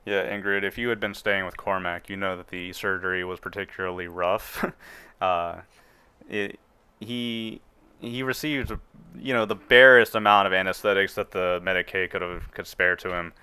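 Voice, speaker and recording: A man's voice: sits low, steady tone, normal speed, sharp tone, clear, resonant tone, no room sound. A man narrating as game master of a tabletop game, rambling and joking.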